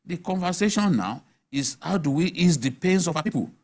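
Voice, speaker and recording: A man's voice: on the high side, expressive, fairly quick, a little mellow. A man with a Nigerian accent, speaking as a guest on a TV studio panel, arguing emphatically and asking rhetorical questions. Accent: Nigerian English. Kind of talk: animated studio panel discussion.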